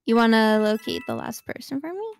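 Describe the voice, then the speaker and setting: Young woman, gamer, slightly high voice, gravelly, distracted, faint music behind. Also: wildly swooping pitch, a little fast. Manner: distracted, fussing over a screenshot. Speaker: co-streamer. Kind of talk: casual gaming chat.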